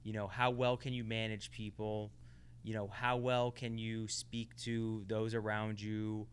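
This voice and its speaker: A man's voice: on the low side, little pitch movement, measured pace, clear, resonant tone. A man co-hosting a casual podcast, reflecting and explaining ideas at length. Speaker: podcast co-host. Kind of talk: casual conversation.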